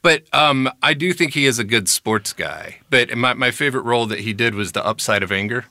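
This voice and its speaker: A man co-hosting a casual podcast, talking in an animated way, laughing often and swearing casually. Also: medium pitch, fairly quick, no echo, clean studio sound. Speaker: podcast co-host.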